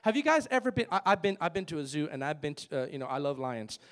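A male pastor preaching a sermon in a church, calling out to the congregation for answers and telling lively stories. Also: a little high, quick pace. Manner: emphatic call-and-response preaching with lively storytelling. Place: church with a worship team.

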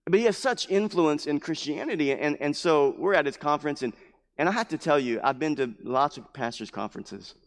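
A man preaching a sermon as pastor, impassioned and repetitive, bursting into loud emphases. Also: a little high, a little fast, long reverb tail. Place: church building.

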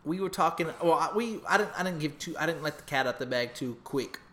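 A man's voice: fairly high pitch, animated, quick pace, fairly bright tone. A man hosting a podcast, telling a long profane story in casual chat, acting out voices and sound effects. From half Mexican. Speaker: podcast host.

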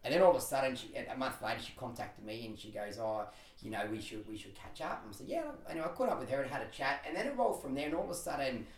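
A man chatting on a podcast and telling his stories quickly and with lots of laughter. His voice sits at an everyday pitch and comes across roomy, as if he sits a little away from the microphone. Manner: animated storytelling, quick and laughing. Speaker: podcast guest, personal trainer and speaker. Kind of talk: casual podcast chat. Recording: roomy, a bit distant from the mic.

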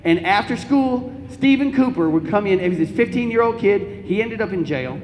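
A young man giving a Catholic talk to an audience, telling comic personal stories in an animated, joking way. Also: high-pitched, normal speed, a little hiss or hum. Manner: animated, comic storytelling with laughs. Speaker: Catholic speaker. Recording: echoey hall, faint ambience.

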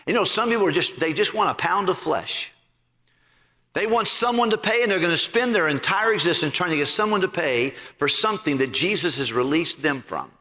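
A male pastor preaching a sermon in an animated, emphatic way. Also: fairly quick. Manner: animated, emphatic, swooping pitch. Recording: long hall reverb.

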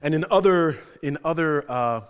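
High-voiced preacher in a reverberant hall. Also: male voice, normal speed, clear, resonant tone. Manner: animated, conversational, slangy storytelling. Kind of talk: sermon.

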